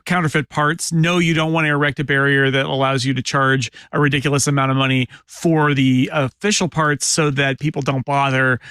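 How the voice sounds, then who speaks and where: A man on a podcast panel in casual chat, wry and opinionated, talking in quick bursts. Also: medium pitch, little pitch movement, fairly bright tone, clear, resonant tone, dry recording.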